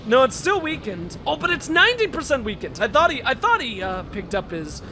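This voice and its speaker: Excitable male let's-player, very high and animated voice, barks orders at his units. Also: a little fast, slight background noise. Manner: excitable, shouts orders at the game characters, self-deprecating. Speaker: game let's-play host. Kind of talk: casual gameplay commentary.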